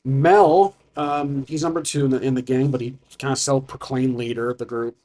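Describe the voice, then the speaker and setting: Man, solo tabletop game player, casual rambling, lots of fillers, mid pitch. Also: steady tone, normal speed, mellow. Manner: rambling, many fillers and tangents.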